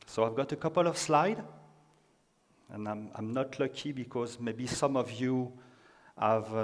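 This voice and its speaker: A man from France speaks with a French accent as he gives a conference talk. He hesitates often and fills the gaps with filler sounds. His voice sits at a middle pitch and rings with a long reverb. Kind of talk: conference presentation. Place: conference room.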